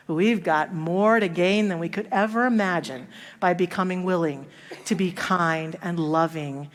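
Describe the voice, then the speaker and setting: A woman minister giving a sermon, telling stories and acting out the voices of the people in them. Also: fairly low pitch. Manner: storytelling, acting out quoted voices. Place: church sanctuary. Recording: church hall reverb.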